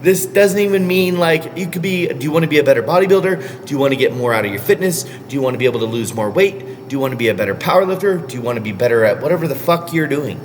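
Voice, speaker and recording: A man's voice: mid-range voice, animated, fast talker, hardly any pauses, a little hiss or hum. Blunt, foul-mouthed man coaching lifters. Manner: blunt, heavily profane, scolding. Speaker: powerlifting coach. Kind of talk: casual vlog rant.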